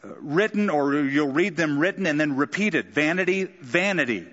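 Conversational preacher in a reverberant hall. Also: male voice, on the high side, moderate pace, fairly bright tone, lo-fi sound. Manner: conversational preaching with dramatic quoted voices. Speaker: pastor. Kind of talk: sermon.

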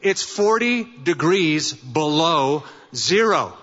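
A man's voice: on the high side, animated, slow pace, a bit bright, full character voice. A man voicing the devil in a joke, a frustrated tormentor demanding answers. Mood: exasperated. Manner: baffled, demanding questions. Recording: dull sound with long hall reverb.

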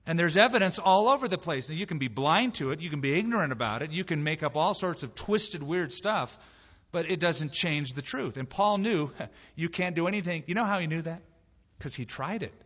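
A man preaching a sermon as pastor, in a lively, conversational way with emphatic rises and quoted voices. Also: on the high side, moderate pace, slightly rough, long reverb tail, lo-fi sound. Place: church sanctuary.

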